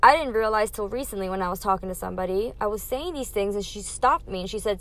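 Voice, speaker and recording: A woman's voice: mid-range voice, fast, few pauses, a bit bright. A young adult woman hosting her own podcast, talking candidly through a numbered list of life lessons in a casual, emphatic way. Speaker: podcast host.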